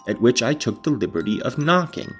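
A man's voice: medium pitch, big pitch swings, fairly quick, a bit bright, faint music behind. A man reading a novel aloud, breaking off to explain passages and react with casual, sometimes profane comments. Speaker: audiobook reader.

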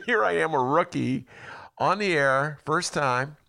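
A man's voice: on the high side, lively intonation, slow, creaky, sharp tone. A man hosting a casual political talk show from his attic, rambling and restarting his sentences, often laughing. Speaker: podcast host. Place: home attic.

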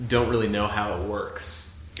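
A man's voice: lowish voice, fairly even intonation, unhurried, fairly bright tone. Male host in a very echoey room. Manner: brief, curious questions. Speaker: podcast host. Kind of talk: casual interview. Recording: very echoey room, faint noise.

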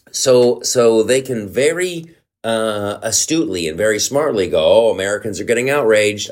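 A middle-aged man hosting a comedy podcast, ranting in a heated, profane, worked-up way. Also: sits low.

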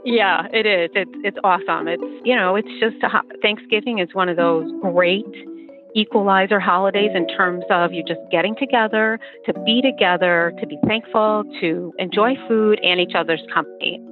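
A woman speaks with enthusiasm in an interview. Her voice comes through a narrow phone-like line, with music clearly under it. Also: medium pitch, moderate pace. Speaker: turkey hotline expert.

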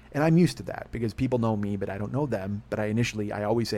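A man's voice: lowish voice, rapid-fire, vocal fry, darkish tone. A man hosting a podcast, telling a rambling, profane, self-deprecating story in casual chat. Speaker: podcast host.

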